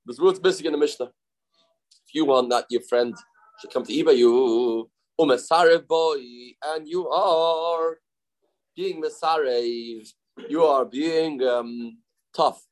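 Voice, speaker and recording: In a rough recording, a man with a fairly high voice leads a Talmud class, explaining in English sprinkled with Hebrew and Aramaic while voicing the figures he cites. He speaks haltingly and corrects himself often.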